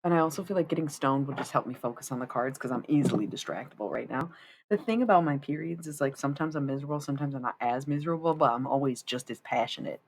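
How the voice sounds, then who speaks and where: A woman's voice: rumbling low, fast talker, noisy background. A woman in her thirties chatting casually and profanely on a tarot livestream. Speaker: tarot-reading streamer.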